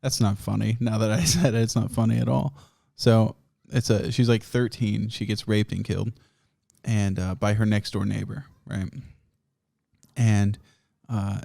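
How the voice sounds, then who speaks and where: A man's voice: lowish voice, gravelly, a little mellow. Crude, laughing podcast guy. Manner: crude, profane, rambling, often laughing. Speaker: podcast host. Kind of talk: casual comedic storytelling.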